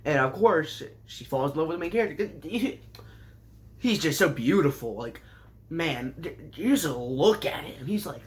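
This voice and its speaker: Man, sarcastic anime recap, rambling, jumpy pitch. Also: lively intonation, slow, long pauses, a bit bright. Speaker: anime reviewer.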